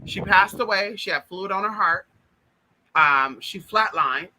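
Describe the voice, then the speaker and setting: A man telling spiritual stories in an animated, chatty way, talking straight to his listeners. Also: high-pitched, a little slow, slight background noise, low-quality recording. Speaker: spiritual vlogger. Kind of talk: casual spiritual storytelling.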